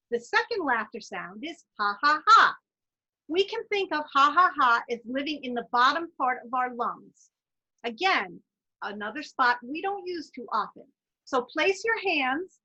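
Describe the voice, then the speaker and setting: A woman leading a guided laughter yoga lesson in an encouraging, chatty way, breaking into loud chanted laugh sounds, recorded on dull lo-fi online talk audio. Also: high voice. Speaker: wellness presenter.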